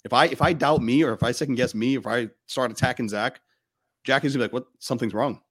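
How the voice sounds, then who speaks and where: A man in his thirties hosts a casual podcast conversation. He talks bluntly and emphatically, drops frequent curses and pushes his points hard. His voice sits at an ordinary middle pitch for a man. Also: fast talker, a bit bright. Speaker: podcast host.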